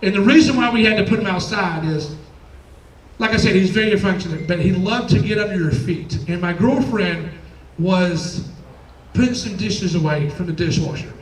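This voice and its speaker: A man's voice: high-pitched, moderate pace, roomy sound, far from the mic, rough recording. A man doing a stand-up comedy set, telling chatty stories and acting out quoted voices. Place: comedy club stage.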